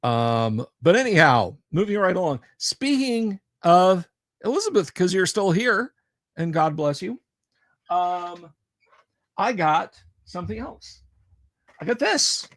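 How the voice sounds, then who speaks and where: A man's voice: high voice, big pitch swings, takes it slowly, a bit bright, dry recording, clean studio sound. A man hosting a casual livestream, chatting with viewers in a rambling, jokey way. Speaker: livestream host.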